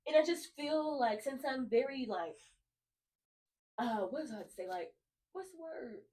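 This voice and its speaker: A woman's voice: high-pitched, unhurried. A woman co-hosting a faith podcast, chatting casually and acting out her inner voices as she tells stories. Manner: animated storytelling with acted inner voices. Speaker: podcast co-host.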